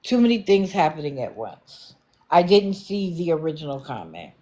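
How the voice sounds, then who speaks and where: Woman on a livestream talking to her chat, says sorry a lot, gets animated fast. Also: low-pitched. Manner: apologetic, reads and answers viewer comments. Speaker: livestream host. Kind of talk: casual livestream commentary.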